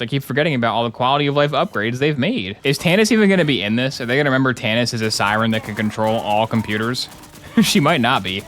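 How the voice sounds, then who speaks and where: Medium in pitch and fairly bright in tone, this man's voice carries his live gameplay commentary. Grumbling sarcastically and cracking jokes, he addresses his chat and thanks those who subscribe.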